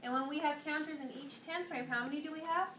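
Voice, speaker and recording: A woman's voice: high voice, quick pace. A woman teacher in a classroom, asking questions and praising her students. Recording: distant echoey classroom, clear noise.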